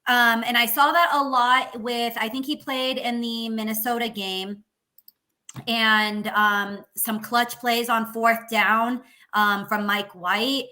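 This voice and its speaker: A woman's voice: a little high, steady tone, takes it slowly, sharp tone. A woman co-hosting a casual sports talk show, thinking aloud with hesitant fillers. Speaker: co-host.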